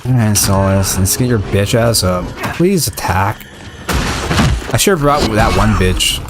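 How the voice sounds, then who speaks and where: A man's voice: fairly low pitch, expressive, unhurried, very noisy. A man casually commenting while he streams a video game. He swears a lot, rambles and gets fired up easily.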